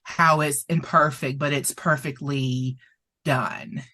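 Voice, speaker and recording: A woman's voice: rumbling low, steady tone, takes it slowly, sharp tone. A woman therapist presenting as a guest, telling a story expressively, laughing often and getting emotional. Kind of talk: animated storytelling in conversation.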